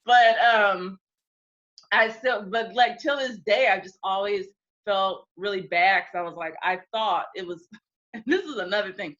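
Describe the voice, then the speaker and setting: A woman's voice: medium pitch, a little slow, muffled recording. A woman from the United States telling stories in a casual interview, laughing, swearing and acting out what people said. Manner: animated, laughing, swearing, acts out quotes. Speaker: interview guest.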